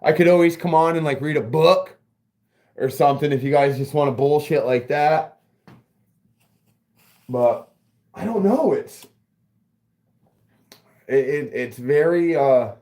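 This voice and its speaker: A man's voice: medium pitch, a little mellow. A man hosting a casual livestream while working in a garage workshop, rambling and joking and swearing freely. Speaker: livestream host.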